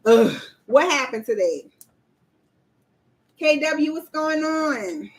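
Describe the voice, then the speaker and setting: A woman's voice: high-pitched, lively intonation, slow. A woman hosting a casual livestream as a proposal coach, chatting straight to viewers and reading out their comments.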